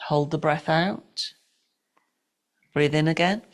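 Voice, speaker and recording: A middle-aged woman teaching yoga and breathwork, giving calm, unhurried, gently directive cues for breathing and movement. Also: low voice. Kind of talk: guided breathwork and yoga instruction.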